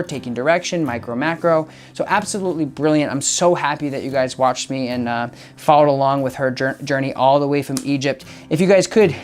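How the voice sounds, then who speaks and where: An upbeat dog trainer narrates a training session indoors, chatty and full of praise for the dog. Faint music runs underneath, and the voice sits at an ordinary middle pitch. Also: darkish tone. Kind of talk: casual training vlog. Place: indoor room with a dog crate.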